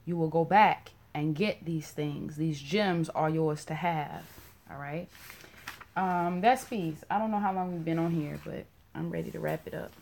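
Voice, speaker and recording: A woman's voice: sits low, creaky. Blunt, profane woman hosting a stream. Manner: blunt and profane, joking with viewers; repeats words softly and slowly. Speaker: live-stream host. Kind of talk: casual spiritual talk to viewers.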